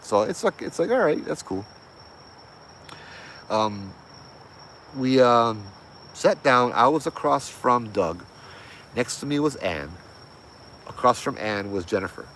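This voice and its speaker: A man casually retelling a ghost hunting story, loose and animated, full of slang and fillers. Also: medium pitch, slow, pauses often, a little hiss or hum. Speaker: host telling a ghost story.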